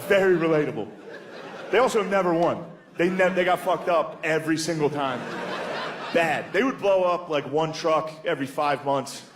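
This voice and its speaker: A man doing a crude, casual stand-up comedy set, calling the audience dude and jumping into loud, high character voices. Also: moderate pace, background noise.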